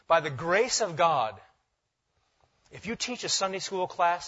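A male pastor preaching a sermon emphatically, repeating key phrases and dropping to quiet intensity for weight. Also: sits high, big pitch swings, a little slow, long pauses, breathy edge, highs cut off.

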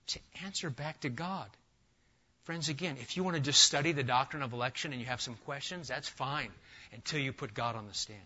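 A man preaching an expository sermon to a congregation, animated and emphatic, firing rhetorical questions and talking straight to his listeners. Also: fairly high pitch, moderate pace, muffled recording. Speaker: pastor. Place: church sanctuary with a live congregation.

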